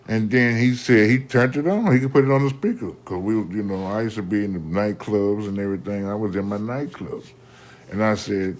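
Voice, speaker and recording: Low-voiced man telling a slangy story. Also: brisk. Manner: animated, slangy, repeats "man" often, restarts mid-sentence. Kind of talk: casual storytelling monologue.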